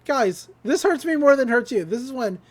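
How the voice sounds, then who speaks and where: A woman's voice: high-pitched, moderate pace. A woman casually recapping a cartoon episode, acting out the characters' lines with frequent laughs. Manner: animated retelling, acts out quotes, laughs often.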